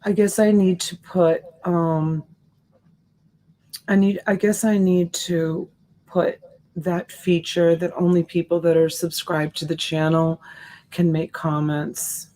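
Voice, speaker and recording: A woman's voice: lowish voice, little pitch movement, takes it slowly, mellow, slight background noise. A woman hosting a live selling stream, chatting casually and answering viewer comments by name in a sympathetic way. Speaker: live-stream seller and host.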